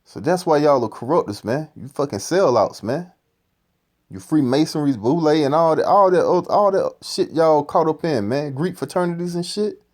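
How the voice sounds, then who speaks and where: A man's voice: on the high side, expressive, normal speed, a little mellow. A man giving profane, ranting scripture commentary, repeating "man" at the end of phrases. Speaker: street-style preacher commenting on a clip.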